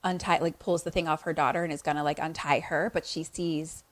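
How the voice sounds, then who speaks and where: A young woman casually recapping a horror movie for a podcast, animated and profane, acting out lines from the film. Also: low voice, a little fast, dry recording. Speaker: podcast co-host.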